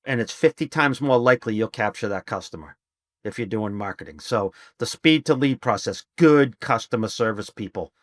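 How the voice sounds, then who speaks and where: A man's voice: lowish voice, lively intonation, normal speed, dry recording, clean studio sound. A middle-aged man, a business trainer, talking casually and emphatically as a podcast guest. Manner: emphatic, salesman-like storytelling. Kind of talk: casual interview talk.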